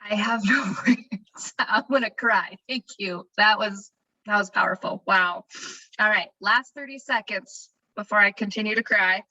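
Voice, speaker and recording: A woman's voice: medium pitch, measured pace, sharp tone, dull audio. A woman hosting a team video call, upbeat and effusive. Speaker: host.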